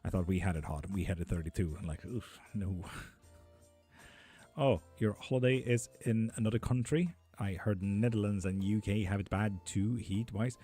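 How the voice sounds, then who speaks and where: A man's voice: fairly low pitch, moderate pace, mellow, slightly rough, soft background music. A man chatting on a live stream as a tarot reader, reading out viewer comments, casual and sweary with frequent laughs. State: hot and sticky.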